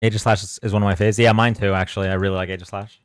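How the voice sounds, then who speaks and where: A man's voice: on the low side, little pitch movement, very fast, clean tone, no room sound, studio quality. Jokey man counting out card pulls. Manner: jokey, counts cards aloud, self-deprecating. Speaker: streamer opening trading card packs. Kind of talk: casual live stream chat.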